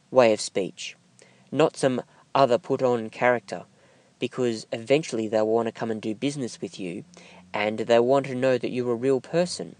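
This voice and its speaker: A man teaching voiceover technique, speaking slowly and deliberately with emphatic pauses. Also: mid-range voice, a little mellow, no room sound. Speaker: voiceover instructor. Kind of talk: instructional talk to camera.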